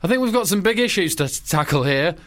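A man's voice: high voice, lively intonation, quick pace, pitched above the performer's own voice. A man voicing a chatty male American president on a phone call in a comic radio sketch, breezy and matey. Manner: breezy and matey, growing panicky.

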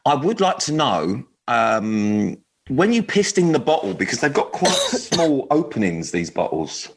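A man hosting a dating radio show, talking in a relaxed, hesitant way with many ums. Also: mid-range voice, unhurried, slightly rough. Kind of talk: casual chat.

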